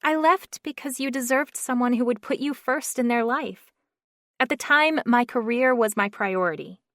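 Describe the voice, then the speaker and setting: A woman's voice: a little high, moderate pace, fairly bright tone, no echo, studio quality, voice pushed up, natural voice. A woman narrator voicing a timid young woman singer who speaks in a feathery, quivering voice. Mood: tearful, apologetic. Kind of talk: audiobook narration.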